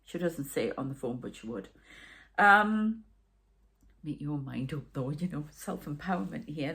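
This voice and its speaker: Geordie woman, tarot reader, rambling chatty delivery, slightly low voice. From North East England. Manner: rambling, chatty, with asides and sighs. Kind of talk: casual psychic reading monologue.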